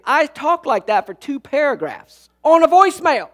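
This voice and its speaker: High-voiced male pastor telling jokes. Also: expressive, normal speed, hardly any pauses, a bit bright. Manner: storytelling with jokes and acted-out quotes. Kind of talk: humorous sermon. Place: church sanctuary.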